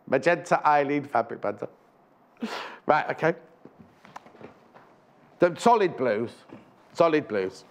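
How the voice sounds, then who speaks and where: In a TV studio, a man with a slightly high, animated voice presents live on a shopping channel, speaking slowly with long pauses. He chats and rambles between prices, correcting himself as he goes.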